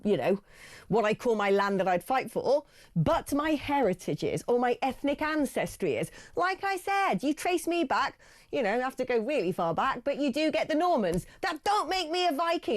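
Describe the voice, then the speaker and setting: Chatty radio host, bright-voiced woman. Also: sits high, no echo, studio quality. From Gloucester, England. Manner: chatty, quick reactions, reads out texts. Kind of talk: phone-in radio chat. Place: radio studio.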